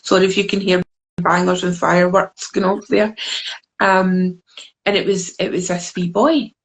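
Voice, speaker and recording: A Scottish woman, a deck creator appearing as a guest, is interviewed over a video call and tells a story in a rambling way, full of fillers and restarts. Her voice is on the low side with a steady tone and moderate pace, and the recording is rough.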